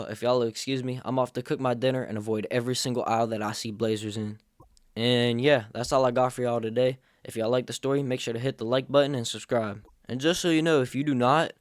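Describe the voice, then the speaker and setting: A fast-talking young adult man with a medium-pitched, fairly even voice hosts a comedic storytime vlog, cracking sarcastic jokes throughout. It's recorded at studio quality without echo.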